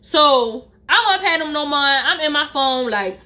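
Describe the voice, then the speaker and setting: Woman, casual storytime vlog, slangy and animated, high voice. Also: a little slow. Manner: animated, slangy, acts out quotes. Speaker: storyteller vlogger.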